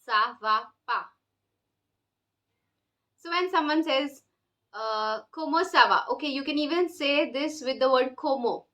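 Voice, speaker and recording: Woman, language teacher, slow careful pace, bright clear tone, repeats each phrase. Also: high voice. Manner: slow, drills phrases with repetition. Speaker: French teacher. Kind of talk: online language lesson.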